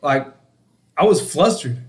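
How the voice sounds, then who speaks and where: A man's voice: a little high, expressive, measured pace. A young man casually telling a story on a podcast, laughing a lot and acting out other people's lines. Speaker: podcast co-host.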